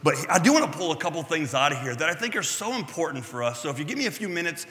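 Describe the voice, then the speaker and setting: A man's voice: a little high, big pitch swings, racing, sharp tone, big-room sound. A man preaching as a pastor, talking conversationally with frequent "right?" checks to the room and small self-deprecating asides. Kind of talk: sermon.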